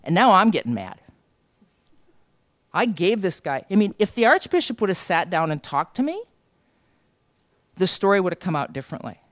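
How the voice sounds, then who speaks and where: A woman's voice: lowish voice, normal speed, long pauses, no room sound. Woman telling a story, dry close sound. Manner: lively anecdotal, acts out quoted dialogue. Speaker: journalism trainer. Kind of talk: storytelling seminar talk. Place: seminar room.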